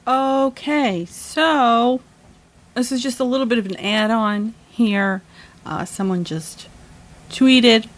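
A woman ranting to camera in a heated, profane and emphatic way, worked up and emotional. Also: fairly high pitch. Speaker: vlogger. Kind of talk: angry rant to camera.

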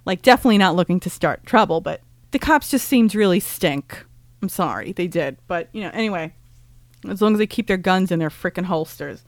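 A woman casually recapping a rally in a chatty, animated way, full of "like" and "um" fillers, blunt and sometimes profane. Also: fairly low pitch, fairly quick, dry recording. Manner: blunt and profane, with bursts of laughter. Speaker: vlogger recounting a protest rally.

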